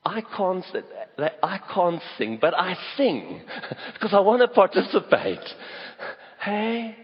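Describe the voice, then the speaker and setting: A man's voice: high voice, very animated, takes it slowly, breathy edge. A South African man preaching a sermon in a church auditorium, telling stories and stressing key words. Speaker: pastor. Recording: echoey hall, dull lo-fi sound.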